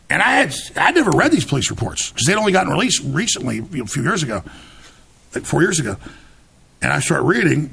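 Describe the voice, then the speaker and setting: Gravelly, husky man telling a story. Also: on the high side, very animated, quick pace, a bit bright. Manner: emphatic, restarts words, acts out others' quotes. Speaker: interview guest. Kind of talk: animated storytelling in conversation.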